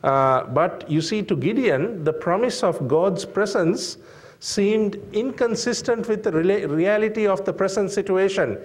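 A man preaching a sermon, slow and deliberate, with frequent fillers and emphatic rhetorical questions to the congregation. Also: sits high.

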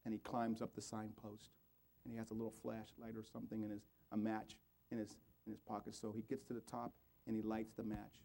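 A man's voice: on the low side, monotone, a little fast, creaky, dark tone. A man preaching a sermon and leading an altar call and prayer, in an earnest, pleading way, his voice rising and falling. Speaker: pastor.

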